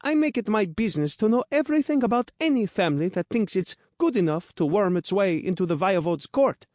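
A man's voice: high-pitched, lively intonation, a little fast, a little mellow, no echo, clean studio sound, pitched above the performer's own voice. A man voicing a smug, spiteful noble teenage girl who mocks and sneers in an audiobook. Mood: sneering. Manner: sneering, mocking.

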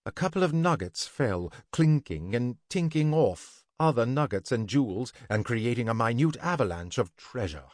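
A man narrating a scripted fantasy story in an even, deliberate way. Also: mid-range voice, dry recording, studio quality.

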